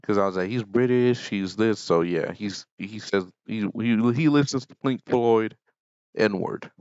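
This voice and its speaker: A young man chatting casually as a vlogger, rambling in an offhand way with deadpan asides. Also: lowish voice, a little slow, clean tone, dry recording. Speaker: YouTuber. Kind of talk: casual commentary vlog. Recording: dull lo-fi mic.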